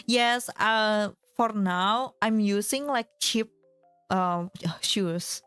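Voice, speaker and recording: A woman's voice: mid-range voice, drawn-out words, fairly bright tone, clean tone, dry recording, soft background music. A woman streamer in casual chat, giggling often and filling her talk with fillers.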